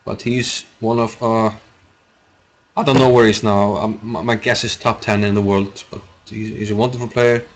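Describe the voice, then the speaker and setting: A man's voice: lowish voice, fairly even intonation, moderate pace. Chatty man commentating chess. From Iceland. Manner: rambling, chatty, answers chat, laughs often. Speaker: chess streamer commentating a live game. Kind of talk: casual live commentary.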